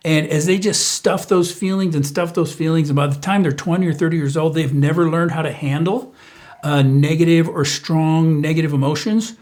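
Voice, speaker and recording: A middle-aged man speaks in a relaxed, conversational way, hosting a parenting channel. His voice sits a little high for a man, and he talks casually to the camera, pausing with fillers and restarting sentences as he goes. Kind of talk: casual advice talk to camera.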